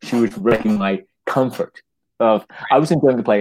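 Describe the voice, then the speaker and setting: A man who writes plays, talking casually in an interview, halting and restarting his words and acting out little quotes. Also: fairly low pitch, darkish tone, low-quality recording. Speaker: playwright.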